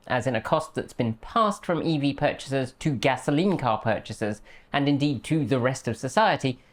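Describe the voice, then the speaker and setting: A woman hosting a commentary video, talking in a sarcastic, dryly mocking way. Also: rumbling low. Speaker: host.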